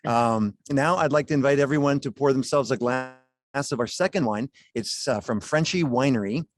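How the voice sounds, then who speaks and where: A man's voice: mid-range voice, normal speed. A man presenting wines at a charity gala over a video call, in a chatty, folksy way, chuckling as he talks.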